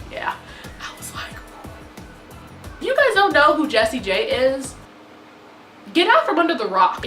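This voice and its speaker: A young woman telling a storytime vlog in an excitable, gushing way that bursts into squeals. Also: fairly high pitch. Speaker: vlogger. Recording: echoey room, mic at a distance, music behind.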